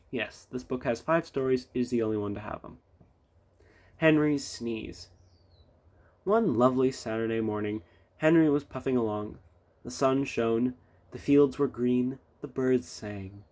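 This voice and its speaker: A man's voice: mid-range voice, measured pace, a little mellow. A man reading a children's railway storybook aloud with little chatty asides. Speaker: storybook reader.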